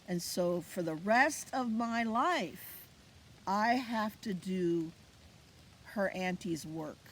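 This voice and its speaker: A faint hiss or hum sits under this recording of an Indigenous cultural teacher on an outdoor fall plant walk. Her mid-range voice has lively intonation and a slow pace. In her informal teaching talk she tells stories with animation and takes on the voices she quotes.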